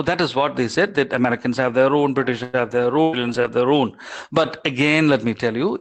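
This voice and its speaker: A man giving an online lecture, halting, with many fillers and restarts. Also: mid-range voice, poor audio.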